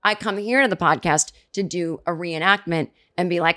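A woman's voice: fairly low pitch, moderate pace, sharp tone. A middle-aged woman hosting a comedy podcast, delivering a sarcastic, profane comedic rant. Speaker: podcast host. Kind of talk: comedic monologue.

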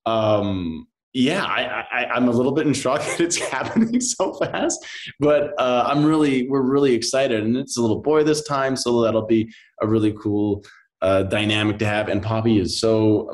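A man in his thirties, an actor chatting as a podcast guest, rambling and animated with lots of fillers. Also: fairly low pitch, moderate pace. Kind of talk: casual interview chat.

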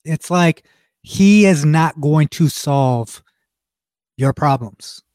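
Man, podcast co-host, mellow dark tone, fairly high voice, blunt, dry close sound. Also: slow pace, no room sound. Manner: blunt, emphatic, swears freely. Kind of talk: casual chat.

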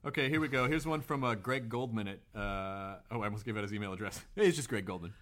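A man's voice: lowish voice, fairly bright tone. A man hosting a podcast, reading listener emails aloud in a casual, joking way. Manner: fast, joking, reads letters aloud with put-on voices. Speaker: podcast host.

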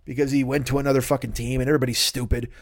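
A man's voice: mid-range voice, little pitch movement, racing, no room sound, clean studio sound. A man in his fifties ranting in a comedic podcast monologue, swearing a lot and jumping between stories. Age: 50s. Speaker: podcast host.

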